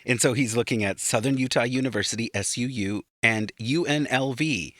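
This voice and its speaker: A man with a Minnesota accent, co-hosting a podcast and recapping plot points in relaxed, casual chat with light asides. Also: medium pitch, moderate pace, dry recording, studio quality. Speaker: podcast co-host.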